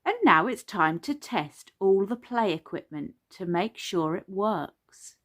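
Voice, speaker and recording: A woman's voice: mid-range voice, lively intonation, slow pace, fairly bright tone. A woman voicing Daddy Pig, a jolly and playful father pig, in a children's story reading. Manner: hearty and playful. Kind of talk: storybook character voice.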